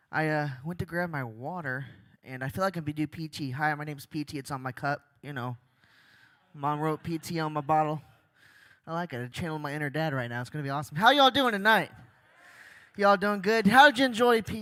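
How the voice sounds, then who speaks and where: A young man giving an energetic church talk, chatty and jokey, asking the crowd questions. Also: a little high, fairly quick, dry recording. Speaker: guest speaker. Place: church stage.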